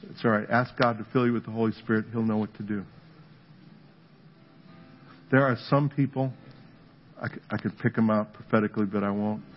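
A man's voice: fairly low pitch, steady tone, brisk, long pauses, slight background noise. A man, a pastor, preaching and praying aloud in a church service, in an earnest, conversational way. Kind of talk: sermon with prayer ministry. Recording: dull lo-fi audio with music behind.

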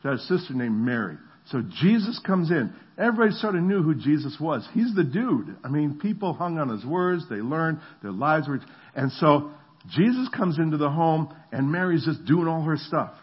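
Husky animated preacher man. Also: a little high, moderate pace, highs cut off. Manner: animated storytelling, acts out voices. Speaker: pastor. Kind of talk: sermon.

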